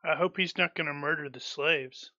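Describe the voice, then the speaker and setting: Bright sharp-voiced man, dull mic. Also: fairly high pitch, moderate pace, no echo. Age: adult army veteran. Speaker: tabletop game player. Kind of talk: casual game table chat.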